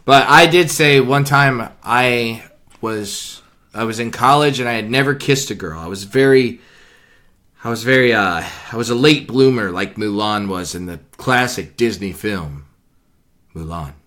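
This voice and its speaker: A man's voice: medium pitch, measured pace, bright, forceful tone. A young man co-hosting a casual podcast, jokey and profane as he chats with a friend. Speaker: podcast co-host. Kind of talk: casual chat over beers.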